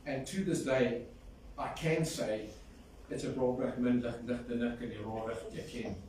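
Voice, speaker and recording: In a large, reverberant funeral hall, a man with a mid-range, darkish voice talks at normal speed, telling affectionate stories as a eulogy and singing a folk song. The recording is distant and echoey, with faint noise.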